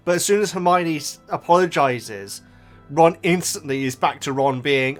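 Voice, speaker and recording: A man hosting a casual book reaction, animated and emotional, with frequent restarts. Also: on the high side, normal speed, soft background music.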